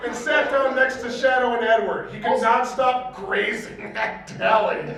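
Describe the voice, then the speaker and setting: High-voiced sarcastic man in echoey hall. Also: fairly even intonation, normal speed, few pauses, crowd noise. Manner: wry, sarcastic asides between read lines. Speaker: comedy panel host. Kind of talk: mocking live reading of bad fan fiction. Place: convention panel room with audience. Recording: echoey hall, distant mic, audience laughter.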